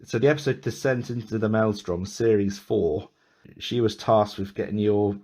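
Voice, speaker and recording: A man's voice: fairly low pitch, steady tone, normal speed, darkish tone. A man hosting a podcast, chatting casually and rambling with many restarts and small laughs. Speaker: podcast host. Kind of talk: casual chat.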